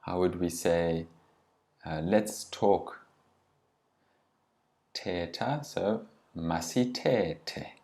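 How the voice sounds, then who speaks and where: Slow, low-voiced male language teacher. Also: fairly even intonation, gravelly, dark tone. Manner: deliberate, pronounces each word then glosses it. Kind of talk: language lesson.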